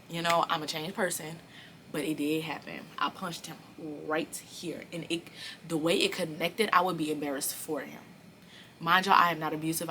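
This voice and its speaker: A young woman telling a storytime vlog, animated and profane, speaking straight to her viewers. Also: low voice, a little hiss or hum. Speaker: vlogger.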